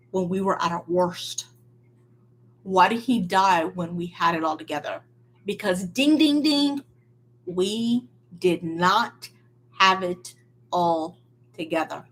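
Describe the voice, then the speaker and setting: A woman preaching a sermon in an earnest, emphatic way, swinging between loud stresses and quiet, near-hushed lines. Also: on the low side.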